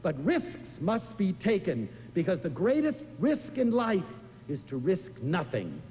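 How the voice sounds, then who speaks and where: An older man giving an inspirational lecture, telling stories in an animated, expressive way. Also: unhurried. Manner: expressive, animated storytelling with big swings in pitch. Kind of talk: inspirational lecture to a live audience. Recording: live lecture in a hall with faint room noise.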